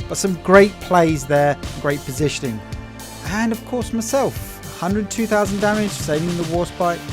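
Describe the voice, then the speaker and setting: Excitable man calling a game replay. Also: a little high. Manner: excitable, talks to viewers as folks, cheers his teammate on. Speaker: gaming channel host. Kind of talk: play-by-play commentary of a naval battle game replay.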